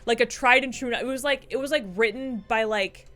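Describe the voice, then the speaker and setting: A woman's voice: fairly high pitch, fairly quick, fairly bright tone. A young woman co-hosting a stream, telling candid stories with casual swearing and laughter. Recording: faint music underneath.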